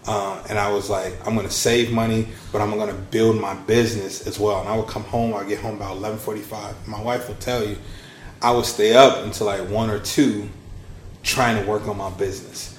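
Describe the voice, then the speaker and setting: Guy in his 30s on a podcast, lively storyteller, acts out the quotes, echoey room. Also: a little fast, slight background noise. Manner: animated storyteller, acts out quotes with big pitch swings. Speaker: podcast guest, launch strategist. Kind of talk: casual storytelling interview.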